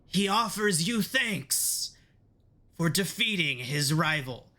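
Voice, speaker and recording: A man doing a high fawning little imp herald. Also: expressive, slow, bright, forceful tone, heavily acted. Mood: pompous. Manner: grovelling, pompous announcer.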